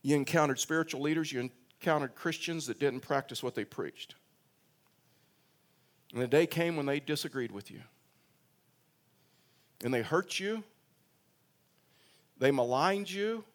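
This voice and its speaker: A man's voice: fairly high pitch, lively intonation, a little slow, long pauses. A man preaching a sermon in a conversational way, telling a personal story, often repeating words and restarting, and rising in voice for emphasis. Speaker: pastor.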